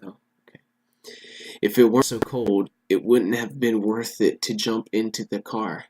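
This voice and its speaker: A man's voice: lowish voice, fairly even intonation, moderate pace, a little mellow. A man playing a text game, reading it aloud and talking back to the characters in jokes. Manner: joking, talks back to the characters. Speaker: let's play gamer.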